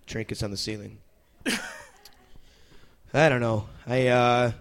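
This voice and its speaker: A young man doing stand-up comedy, then chatting as a talk show guest, rambling and interrupting himself with animated bursts. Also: medium pitch, slow pace, clean tone. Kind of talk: stand-up set then casual chat.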